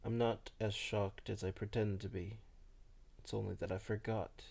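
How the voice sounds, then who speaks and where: A man voicing a melancholy old vampire who recalls his past slowly and softly. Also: fairly low pitch, little pitch movement, creaky. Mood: wistful. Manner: slow, soft, hushed storytelling.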